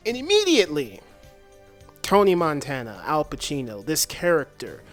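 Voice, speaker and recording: A man's voice: a little high, wildly swooping pitch, normal speed, a bit bright, soft background music. Enthusiastic man reviewing a film. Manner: enthusiastic, plain-spoken. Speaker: movie reviewer. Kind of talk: video review narration.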